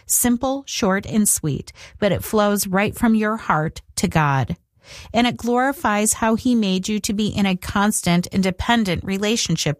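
A woman's voice: mid-range voice, no echo, studio quality. Earnest woman reading a devotional. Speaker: radio program host.

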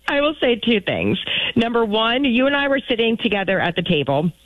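Woman co-host, playful and laughing, very lively pitch, tinny phone-line audio. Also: normal speed, dry recording. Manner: playful, laughing, animated storyteller. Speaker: producer and co-host. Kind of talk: casual banter on a talk show.

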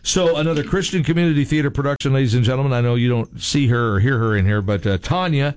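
A man's voice: mid-range voice, fast, a little mellow, no echo. A man hosting a radio show from a studio, chatting and joking with his guests in a playful way. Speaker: radio host. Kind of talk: casual radio interview.

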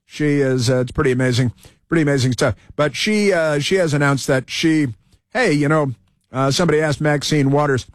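Guy doing snarky political commentary, kinda high pitched, dead dry recording. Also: fairly quick, no room sound. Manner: sarcastic, mocking asides.

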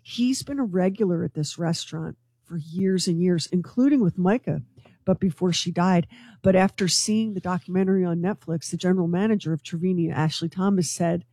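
A woman co-hosting a morning radio show, telling a news story to her co-hosts in an excitable, gossipy way. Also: lowish voice, fairly quick, dry recording. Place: radio studio.

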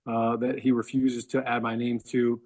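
A man's voice: mid-range voice, monotone, normal speed, darkish tone. A man telling a casual anecdote as a guest, rambling and filling every phrase with "like". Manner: rambling, heavy use of "like". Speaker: team broadcaster and show co-host.

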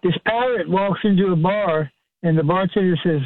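A man's voice: sits high, normal speed, no room sound. Man telling a joke over a phone line. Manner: animated storyteller. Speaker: radio caller telling a joke. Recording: dry tinny phone line.

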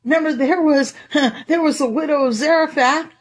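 A woman preaching a lively, conversational sermon and often laughing as she speaks. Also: sits high, normal speed.

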